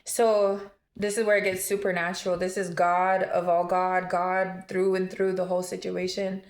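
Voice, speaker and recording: A woman's voice: lowish voice, flat delivery, normal speed, reverberant. A woman telling a personal story on a casual vlog, emotional and rambling, with lots of fillers and restarts. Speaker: vlogger.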